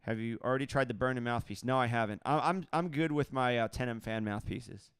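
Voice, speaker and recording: A man, a saxophonist, casually chatting on his livestream and answering viewer comments in a relaxed, joking way, laughing often. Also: mid-range voice, fairly quick, clear, resonant tone, no room sound, studio quality.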